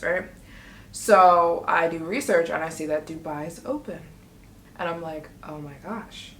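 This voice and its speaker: A woman telling a story in a casual vlog, chatty and excitable, often acting out what she and others said. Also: deep voice, slight background noise. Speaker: travel vlogger. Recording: echoey room.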